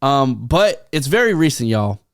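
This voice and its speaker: A man's voice: medium pitch, very animated, unhurried, clean tone, dry recording, studio quality. A man co-hosting a casual podcast, talking loosely with frequent laughs and casual swearing. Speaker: podcast co-host.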